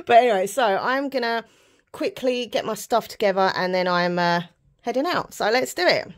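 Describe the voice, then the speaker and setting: A woman's voice: a little high, normal speed. A British woman talking to camera in a casual vlog, chatty and rambling with lots of fillers. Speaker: vlogger.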